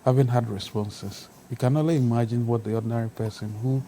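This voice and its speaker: A man's voice: medium pitch, steady tone, fairly quick, mellow, a little hiss or hum, poor audio. A man, a TV panel guest arguing his case step by step. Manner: argumentative, builds points step by step. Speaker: panel guest, civil society voice. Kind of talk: studio debate. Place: TV studio.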